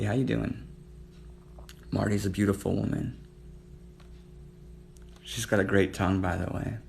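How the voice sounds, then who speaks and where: A man hosts a flirty livestream, chatting to viewers and naming them one by one. His voice sits low and gravelly, and it sometimes sinks to a near-murmur. A faint hiss runs under the phone-mic recording. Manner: flirtatious, addressing viewers by name, drops to murmurs. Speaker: livestream host.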